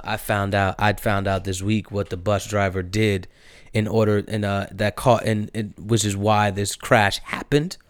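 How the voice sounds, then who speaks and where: A young man with a New Jersey accent, ranting in slangy, profane casual talk, swinging from low mutters to loud exasperated outbursts. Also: no echo, studio quality. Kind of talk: casual opinion rant.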